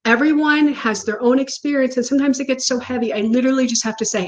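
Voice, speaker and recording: A woman talks to her viewers from home in an earnest, encouraging way. Her voice sits a little on the high side, and a light laugh slips in now and then. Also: fast, hardly any pauses, rough recording. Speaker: spiritual coach. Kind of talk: casual talk to viewers.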